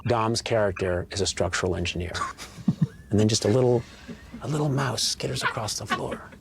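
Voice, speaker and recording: A man's voice: on the low side, brisk, vocal fry. A man hosting a comic travel show, playful and jokey with the people he meets. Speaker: travel comedy host.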